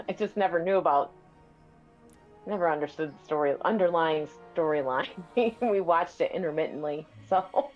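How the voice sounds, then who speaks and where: A woman chatting casually and reacting with laughter, soft-spoken. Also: low voice, animated, normal speed, dull audio, soft background music. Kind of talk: casual chat.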